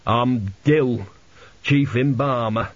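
A man's voice: mid-range voice, animated, a little slow, husky, dry recording. A man voicing a gloomy, shaken chief embalmer who mutters wearily, in a lo-fi audiobook recording. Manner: muttering, weary.

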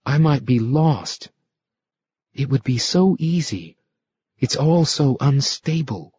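Man voicing a young male hitchhiker, shape-shifter, high-pitched, anxious, pleading, hesitant, husky, muffled audiobook. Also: sing-song, moderate pace, darkish tone, no room sound. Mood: fearful, pleading. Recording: slightly muffled recording.

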